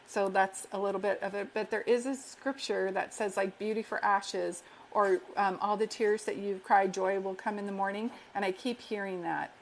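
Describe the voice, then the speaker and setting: A woman's voice: mid-range voice, steady tone, normal speed, few pauses, a little hiss or hum. A woman working as a psychic medium, giving an affectionate, reassuring reading on a live stream and repeating affirmations earnestly. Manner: affectionate and reassuring, calls listeners sweetheart.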